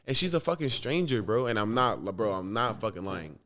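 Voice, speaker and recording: Young adult man, casual vlogger; restless, profane, low-pitched storytelling. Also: expressive, moderate pace, fairly bright tone, a little hiss or hum.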